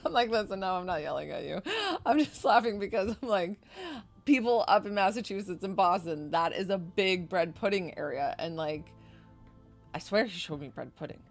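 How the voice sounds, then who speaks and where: A woman's voice: mid-range voice, normal speed, faint music behind. A woman from New York doing a chatty, effusive psychic reading on a live stream. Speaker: psychic medium.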